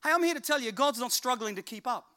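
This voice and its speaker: A man's voice: very high-pitched, quick pace. A middle-aged man preaching a sermon and telling a family story, acting out the voices of people in it. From England. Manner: animated, acts out voices of people in his stories. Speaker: pastor.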